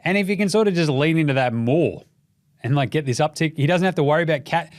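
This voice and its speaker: A young Australian man rattles off basketball takes in a loose, profane, animated way. His voice sits a touch higher than most men's, and he often slips into mocking impressions. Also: fast, no echo, clean studio sound. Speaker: podcast host. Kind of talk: casual sports commentary.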